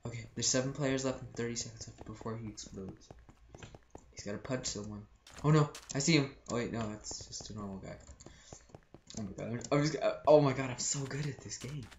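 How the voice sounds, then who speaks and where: A teenage gameplay commentator talking excitedly and yelping in panic, repeating phrases over and over. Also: medium pitch, slight background noise. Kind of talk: excited let's-play commentary. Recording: echoey room with keyboard clicks.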